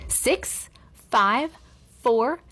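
A sugary, high-pitched schoolteacher with something sinister underneath, as a woman reading a storybook puts her on. Her voice leaps up and down as she coos and then orders, and there is a breathy edge to it. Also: expressive, extremely slow, fairly bright tone, heavily acted. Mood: commanding. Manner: sugary then cold and commanding.

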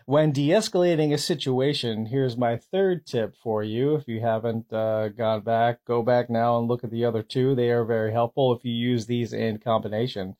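A man, a therapist, talking straight to camera in a calm, soft-spoken way, giving tips on de-escalation. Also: medium pitch. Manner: calm, soft-spoken, easy pace with pauses. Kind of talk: short advice video to camera.

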